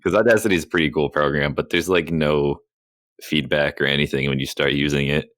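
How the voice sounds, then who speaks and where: Very deep-voiced man, dry and matter-of-fact. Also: fairly even intonation, brisk, a bit bright, dry recording. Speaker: podcast co-host. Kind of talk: casual podcast chat.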